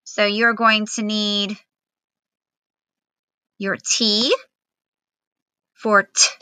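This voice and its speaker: A woman teacher giving a remote phonics lesson to young children, slowly sounding out letters and syllables in a patient, encouraging way. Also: mid-range voice, little pitch movement, pushed and bright, smooth, dry recording.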